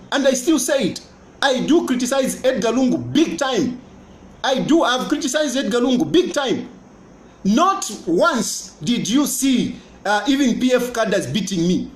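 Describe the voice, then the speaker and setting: A politician with a Zambian accent talking to camera, boastful and mocking, repeating his points. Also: very high voice. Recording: roomy echo.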